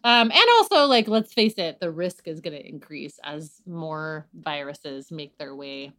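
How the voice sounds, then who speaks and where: A woman's voice: sits low, expressive, measured pace, a bit bright. A woman hosting a podcast in casual chat, emphatic and exasperated. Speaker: podcast host.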